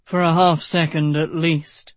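An audiobook narrator voicing a calm, blunt, world-weary knight who talks dryly and frankly, a bit lower than the narration. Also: no room sound, lightly acted. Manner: dry, unhurried, frank.

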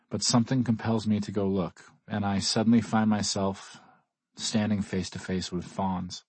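A man narrating a first-person audiobook in a measured, grave manner, husky, on a close mic. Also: on the low side, dry recording.

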